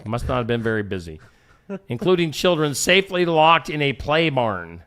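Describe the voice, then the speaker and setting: At a moderate pace and with a fairly bright, mid-range voice, a very animated man bantering on a laid-back morning show puts a comic spin on strange news items, throwing in goofy voices as he reads them.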